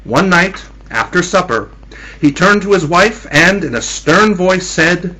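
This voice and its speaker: Slow, theatrical male storyteller, husky. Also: sits high, expressive, pushed and bright, poor audio. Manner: teasing, theatrical, addresses listeners as kiddies. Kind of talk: spooky Halloween storytelling.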